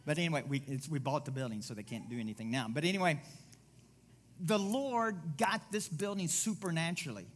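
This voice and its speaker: Middle-aged male pastor, sermon, fairly high voice, digressive, emphatic repeats. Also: brisk. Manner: rambling, digressive, emphatic repetition. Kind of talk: sermon with personal story.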